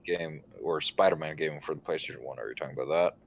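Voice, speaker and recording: A man co-hosting a casual chat, quick to ask questions and correct details. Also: rumbling low, lo-fi sound. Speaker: podcast co-host.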